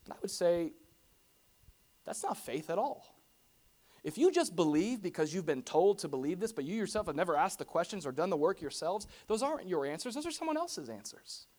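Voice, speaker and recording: A pastor giving a conversational sermon to a congregation, animated and full of rhetorical questions and casual asides. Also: medium pitch, brisk. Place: church hall before a congregation.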